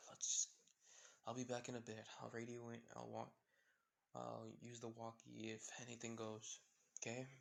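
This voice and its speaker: A man's voice: mid-range voice, monotone, moderate pace, creaky, lightly acted. A man voicing a blunt, short-tempered young male drifter who talks in terse, curt lines.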